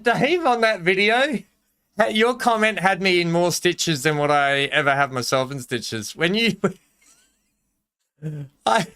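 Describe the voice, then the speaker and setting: Bright-voiced joking Australian streamer. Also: male voice, high-pitched, smooth. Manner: jokey, rambling, laughs often, reads chat aloud. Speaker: game streamer. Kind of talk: casual live-stream chat over gameplay.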